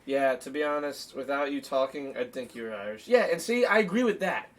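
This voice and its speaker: A young man hosting a laid-back podcast from his desk at home, with a voice of ordinary middle pitch. He jokes and teases his co-host and breaks into laughter often. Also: expressive, fairly quick, slight background noise. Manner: joking, teasing, laughs often. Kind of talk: casual podcast chat. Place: at a desk in a home streaming setup.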